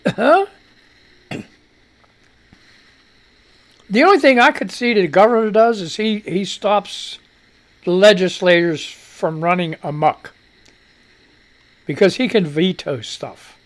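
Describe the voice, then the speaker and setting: A man's voice: high voice, expressive, slow, long pauses. A middle-aged man hosting a casual talk radio show, rambling, chuckling often and throwing in crude asides.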